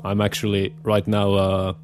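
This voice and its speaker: A young man with a Scandinavian accent, talking in a casual, rambling way and pausing often on filler sounds. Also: fairly low pitch, completely flat delivery. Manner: hesitant, many filler pauses. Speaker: show host. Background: guitar music.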